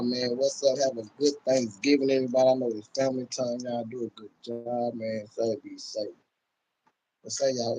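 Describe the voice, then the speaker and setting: A man with a Texas accent rants on his live stream, boasting and trash-talking with frequent laughter. His voice sits at a middle pitch. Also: darkish tone, slightly rough, low-quality recording. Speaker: channel host. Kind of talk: excited live-stream rant.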